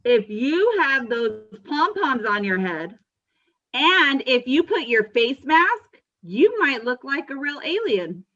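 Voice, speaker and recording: A woman's voice: high-pitched, very animated, slow, pushed and bright, dull audio. A woman hosting a school assembly, playful and teasing, with sing-song greetings.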